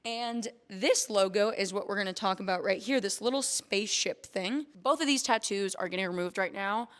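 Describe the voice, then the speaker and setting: A woman's voice: medium pitch, moderate pace, a bit bright. A young woman streamer telling a candid, emotional story on her vlog, swearing casually and near tears. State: close to tears. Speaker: streamer and vlogger.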